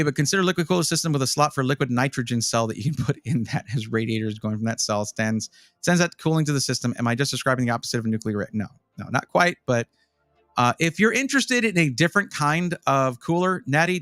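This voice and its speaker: A man with a mid-range voice, heard without room sound, streams live as he reviews gaming PC parts. His talk is casual, lively and meandering, aimed at the people in his chat.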